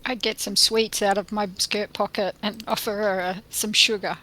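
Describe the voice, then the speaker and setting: A woman's voice: mid-range voice, flat delivery, moderate pace, pushed and bright, low-quality recording. A woman playing a tabletop game, chatting casually and thinking aloud. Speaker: player.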